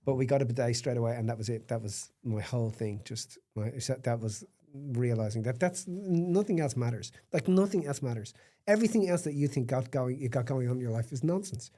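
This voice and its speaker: Mellow-voiced man telling his story. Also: medium pitch, a little fast, hardly any pauses. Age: middle-aged. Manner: emphatic and raw, with blunt swearing. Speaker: podcast guest. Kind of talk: candid personal storytelling.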